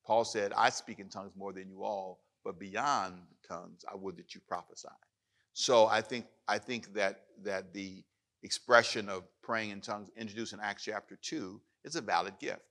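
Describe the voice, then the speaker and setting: A man pastor preaching a sermon, rising loud as he reads scripture, then taking questions in church. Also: lowish voice, normal speed. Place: church hall with live audience.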